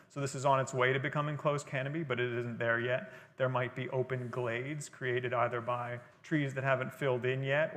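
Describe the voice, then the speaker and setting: A man of ordinary pitch talks through his subject in a relaxed, explanatory way, dropping in casual fillers as he goes. His voice rings out with a long reverb, as if spoken in a hall. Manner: explanatory, conversational lecturing with fillers. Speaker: guest speaker. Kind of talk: library lecture on gardening. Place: library talk room.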